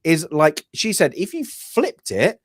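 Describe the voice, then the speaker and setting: Opinionated man, fairly high voice. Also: measured pace, slightly rough, no room sound, studio quality. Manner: opinionated, rambling, animated, many restarts. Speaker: podcast co-host. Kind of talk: casual film review chat.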